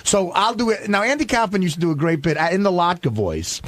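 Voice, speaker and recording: A man's voice: high-pitched, very animated, fast, fairly bright tone, no echo. A man telling a long, rambling, profane story on a radio show, full of restarts and fillers.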